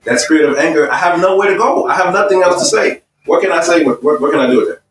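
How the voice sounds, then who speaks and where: A man teaching a marriage seminar to an audience, lively and full of rhetorical questions. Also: a little high, fast talker, distant mic. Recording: echoey room, voice from afar, faint music.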